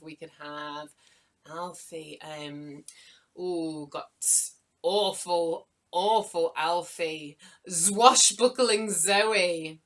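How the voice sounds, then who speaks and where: A woman's voice: low voice, sharp tone, poor audio. A woman running a live online writing workshop for children, chatty and encouraging as she greets viewers by name.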